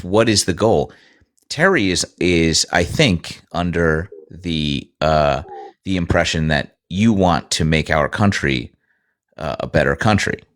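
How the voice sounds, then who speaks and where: A man hosting a live stream discussion, speaking haltingly and searching for his words. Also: deep voice.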